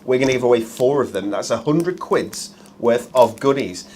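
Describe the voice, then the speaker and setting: A man's voice: medium pitch, lively intonation, normal speed, a little mellow, a little hiss or hum. A man hosting a live shopping show, chatty and jokey with plenty of ums.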